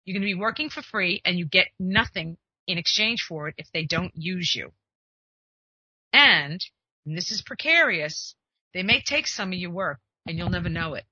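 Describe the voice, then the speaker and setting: A woman hosting an advice show in a chatty, emphatic way, acting out the exchanges she recounts. Her voice is very bright and forward, with a husky, breathy edge. The recording is dry and a little muffled. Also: lowish voice, expressive, moderate pace, no echo. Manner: chatty, emphatic, acts out quoted conversations. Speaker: literary agent and podcast host. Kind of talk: casual advice monologue.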